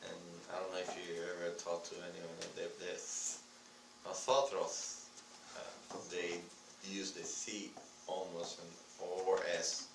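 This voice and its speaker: A man talks slowly and in a very low voice. He is a student chiming in. He sounds distant in an echoey room with a clear hum of noise behind him. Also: flat delivery. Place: classroom. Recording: echoey classroom from far off.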